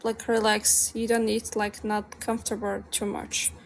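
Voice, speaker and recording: A woman's voice: medium pitch, flat delivery, measured pace, vocal fry, slight background noise. A woman whose first language is Arabic, a guest in a casual interview, speaking English hesitantly with many fillers.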